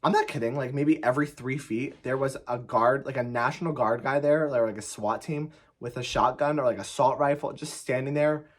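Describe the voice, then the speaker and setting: A man's voice: medium pitch, a little fast, hardly any pauses. A young man tells a story to the camera in a casual, emphatic way, swearing often and filling with "like". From United States. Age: young adult. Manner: emphatic, profane, heavy on "like" fillers. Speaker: vlogger.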